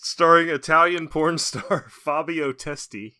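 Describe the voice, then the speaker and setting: A man's voice: fairly high pitch, steady tone, unhurried, bright, forceful tone, clear, resonant tone. A man co-hosting a casual podcast. He reads out release details and laughs often. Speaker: podcast co-host.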